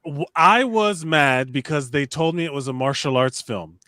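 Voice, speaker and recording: A man's voice: on the high side, normal speed, sharp tone, no echo, clean studio sound. A man co-hosting a podcast, talking in a casual, rambling way with plenty of restarts and swearing. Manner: rambling, stumbling restarts, profane. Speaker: podcast co-host. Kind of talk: casual chat.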